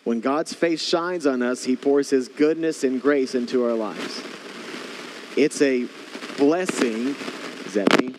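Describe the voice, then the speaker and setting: Male pastor, mid-pitched, preaching with soft asides and raised emphasis, recorded in a reverberant church hall. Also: measured pace, a little hiss or hum. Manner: shifts between soft near-whispers and raised preaching. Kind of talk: sermon.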